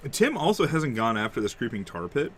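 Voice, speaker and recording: A man's voice: medium pitch, very animated, brisk, a little hiss or hum. A man giving casual, joking live commentary on a card game match, sometimes talking with his mouth full. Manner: laid-back, joking, talks while eating. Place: game store.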